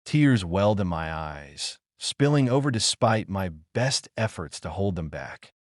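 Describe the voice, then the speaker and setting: Lowish-voiced man narrating a story. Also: sing-song, a little slow, dry recording, clean studio sound. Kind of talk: first-person story narration.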